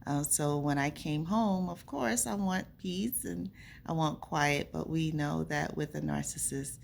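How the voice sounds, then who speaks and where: A woman speaks to her camera in an earnest, conversational way, recounting something from her own life. Her voice sits low and has a gravelly edge. A faint hum of noise runs underneath. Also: unhurried. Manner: earnest, conversational, acts out remembered dialogue. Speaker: vlogger. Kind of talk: casual personal storytelling to camera.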